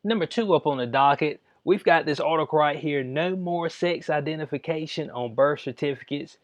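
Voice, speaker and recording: A man's voice: fairly high pitch, normal speed, dry recording, muffled recording. A man hosting his own channel, ranting in casual slang with exasperated asides. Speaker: channel host. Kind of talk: ranting commentary vlog.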